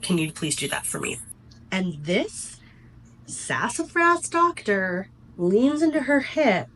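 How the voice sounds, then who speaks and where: A woman's voice: medium pitch, sing-song, slow, a bit bright. A young woman vlogger who is sick, congested and weak, telling a chatty, exasperated story-time tale.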